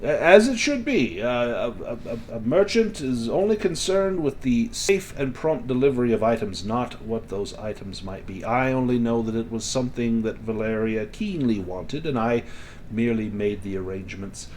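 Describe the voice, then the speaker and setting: A man voicing a wealthy, affable male merchant who talks in a smooth, courteous, ingratiating way. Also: mid-range voice, animated, moderate pace, a little mellow, a little hiss or hum, natural voice. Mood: polite.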